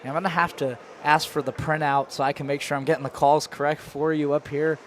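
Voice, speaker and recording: A man's voice: fairly high pitch, flat delivery, fast, slight background noise. A man calling play-by-play for an amateur hockey game, chatting loosely between plays and snapping into shot calls. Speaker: play-by-play announcer.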